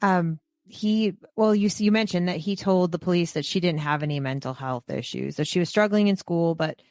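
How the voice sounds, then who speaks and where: A woman hosting a true crime podcast who asks thoughtful, hesitant questions with many pauses and "um"s. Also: on the low side, a little mellow, dry recording. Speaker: podcast host. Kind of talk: casual conversational questions.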